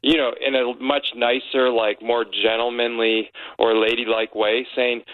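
A man's voice: mid-range voice, flat delivery, unhurried, hardly any pauses, no room sound. Blunt man on a tinny phone line. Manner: blunt, rambling storyteller. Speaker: guest. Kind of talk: casual phone interview. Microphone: landline phone.

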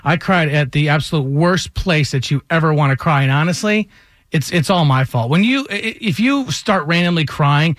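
Man, 30s, radio host type, earnest and a bit choked up, slightly high voice, dry close sound. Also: expressive, normal speed, a bit bright, dry recording. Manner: earnest, emotional, laughing through a story. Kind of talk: casual storytelling chat.

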